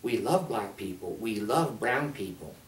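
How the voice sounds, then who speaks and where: Man voicing a smug soft-spoken churchgoer, hushed, falsely sweet, echoey room, distant mic. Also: fairly low pitch, expressive, measured pace, pitched below the performer's own voice. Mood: mock-gentle.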